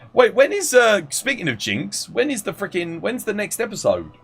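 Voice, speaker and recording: A man's voice: high voice, huge pitch swings, measured pace, gravelly, slightly rough, soft background music. A man live-streaming a game, chatting casually, greeting viewers by name and explaining game mechanics. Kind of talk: casual live-stream chat and gameplay tips.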